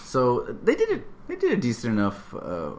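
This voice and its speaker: A man talking casually on a podcast about a film. He rambles, swears freely and laughs often as he picks it apart. His voice sits at an ordinary pitch. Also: huge pitch swings, moderate pace, slight background noise. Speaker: podcast co-host. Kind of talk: casual movie review chat.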